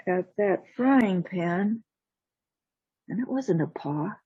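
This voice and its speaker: A woman storyteller telling a folktale slowly and deliberately, voicing the sound effects herself over a video call. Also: mid-range voice, mellow, slightly rough, no room sound. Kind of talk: told folktale. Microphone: video call mic. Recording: dull lo-fi call audio.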